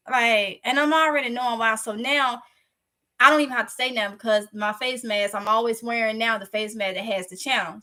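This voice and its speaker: A woman from Mississippi with a Southern accent, casually telling her viewers a story in a candid, chatty vlog. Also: fairly high pitch. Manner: chatty, candid, lively retelling. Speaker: vlogger.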